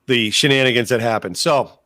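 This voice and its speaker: A man's voice: medium pitch, brisk, pushed and bright, no room sound, clean studio sound. A man co-hosting a podcast, telling a story in casual, profane chat and acting out the voices of people he quotes. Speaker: podcast co-host.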